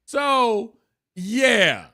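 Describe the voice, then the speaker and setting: A man co-hosting a casual gossip podcast, telling stories in an animated way and acting out the people in them. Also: very high-pitched, very slow. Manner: animated storyteller acting out voices. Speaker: podcast co-host.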